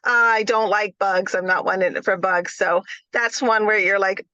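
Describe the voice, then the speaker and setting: A woman nurse, a guest on a podcast, telling animated stories with laughs. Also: medium pitch, measured pace, no echo, highs cut off. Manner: animated storyteller, laughs, fillers. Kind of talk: podcast interview.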